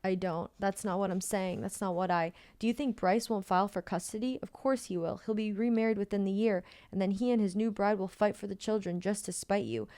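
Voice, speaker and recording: A woman reads a novel aloud for her book podcast, carrying the first-person narration steadily. Her voice is smooth and clear, sitting at a middling pitch. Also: fairly quick, few pauses, no room sound. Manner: steady first-person reading, then excitable chat. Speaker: podcast co-host reading aloud. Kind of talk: reading a novel aloud, then casual chat.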